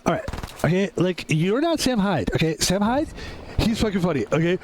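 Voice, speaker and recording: A man's voice: high voice, big pitch swings, moderate pace, background noise, voice pushed up. A man putting on an impression of a brash film director, rambling, repeating "okay" and swearing on a pretend phone call. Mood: needling. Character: brash fast-talking famous film director, man, middle-aged.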